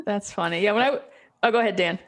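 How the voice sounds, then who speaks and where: A woman hosting a casual podcast, chatty and quick to laugh, passing the floor to her co-hosts. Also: mid-range voice, a little hiss or hum. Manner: chatty, laughs often, hands off to others. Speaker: podcast host. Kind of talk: casual chat.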